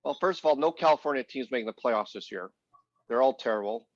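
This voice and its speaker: Blunt and sarcastic in his opinions, a man co-hosts a casual hockey podcast, speaking quickly at a medium pitch. The recording sounds dull, lo-fi and dry, with no echo.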